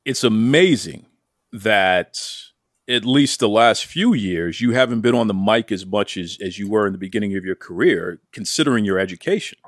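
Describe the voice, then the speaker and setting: A man's voice: fairly low pitch, lively intonation, moderate pace, no echo, clean studio sound. A man hosting an interview show, asking questions in an upbeat, playful way. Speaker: podcast host.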